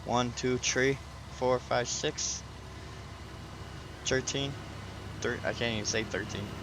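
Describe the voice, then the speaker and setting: A man's voice: mid-range voice, steady tone, slow pace. A man hosting a casual live stream, chatting with viewers by name and laughing often. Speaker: livestream host. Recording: background noise.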